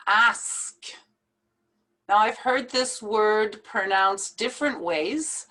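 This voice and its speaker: Woman, pronunciation teacher, very slow, careful repetition, mid-pitched. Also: bright, forceful tone. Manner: slow, deliberate, repeats each word carefully.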